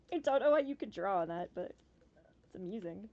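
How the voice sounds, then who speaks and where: A woman's voice: mid-range voice, animated, unhurried, warm tone. A woman giving casual, chatty commentary while playing a game demo, talking with bursts of swearing and playful silly noises. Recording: slightly dull lo-fi sound.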